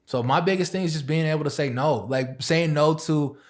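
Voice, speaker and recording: A young man, a DJ and chef, chatting as a podcast guest and laughing through his animated stories. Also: on the high side, brisk. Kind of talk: casual podcast chat.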